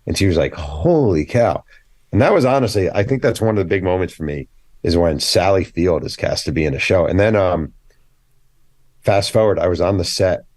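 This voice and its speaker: Deep-voiced author guy on a podcast, blunt, acts out the dialogue in his stories, dry close sound. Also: normal speed, no room sound. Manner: animated storyteller acting out quoted dialogue; blunt, opinionated. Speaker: author guest. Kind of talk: casual podcast interview.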